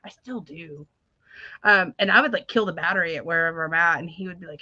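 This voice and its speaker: Bright, lively woman telling stories. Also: lowish voice, fairly quick, no echo, muffled recording. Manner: animated storytelling, laughs often, acts out quotes. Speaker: podcast co-host. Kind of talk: casual chat.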